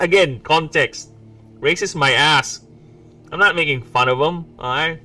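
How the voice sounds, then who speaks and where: On this livestream the forty-something Filipino game developer speaks at a measured pace, his voice on the high side, pushed and bright. He reads lore aloud, rambling and poking fun at himself, while a distant microphone picks him up along with background music.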